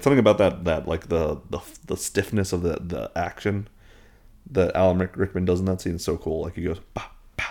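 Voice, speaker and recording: A man's voice: low voice, creaky, darkish tone. A man giving a casual, rambling film recap with a playful, irreverent tone and lots of filler words.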